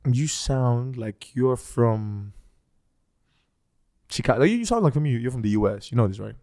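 A man's voice: medium pitch, animated, normal speed, dark tone, no echo, clean studio sound. A man in his thirties with a slight Greek accent, hosting a casual interview in a teasing, playful way with many restarts. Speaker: podcast host.

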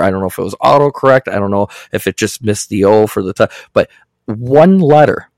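Low-voiced man telling a story on a podcast. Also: fairly quick, darkish tone, no room sound. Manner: storytelling, acts out text exchanges. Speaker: podcast co-host. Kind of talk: casual podcast chat.

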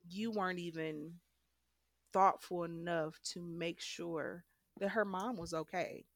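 Candid woman with a low voice. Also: fairly even intonation, slow, dry recording, studio quality. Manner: candid, emphatic, frank. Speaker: guest telling her story. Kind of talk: emotional personal storytelling.

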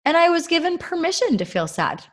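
A woman's voice: very high voice, sing-song, fairly quick. Woman, thirties, podcast co-host, earnest reflective faith chat, lots of fillers. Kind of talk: casual faith-based podcast talk.

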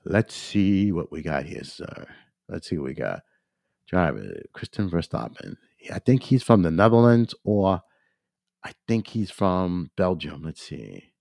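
A man's voice: deep voice, big pitch swings, measured pace, vocal fry, darkish tone, no room sound, studio quality. A man hosting a podcast by himself, ranting in a repetitive, emphatic way with frequent fillers. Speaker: podcast host. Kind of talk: casual solo podcast rant.

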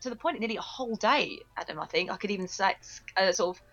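Bright-voiced giggly Englishwoman. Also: mid-range voice, lively intonation, fast talker, gravelly, lo-fi sound, faint music behind. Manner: giggly, chatty. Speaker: podcast co-host. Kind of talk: casual chat.

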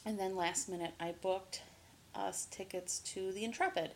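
A woman's voice: medium pitch, steady tone, normal speed, a little mellow, slight background noise. A woman co-hosting a podcast in casual chat, talkative, laughing often and swearing freely. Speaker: podcast co-host.

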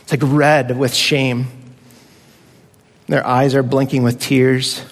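A man's voice: medium pitch, little pitch movement, slow pace, big-room sound. Man preaching a conversational sermon. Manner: conversational, with acted-out voices of children. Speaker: pastor.

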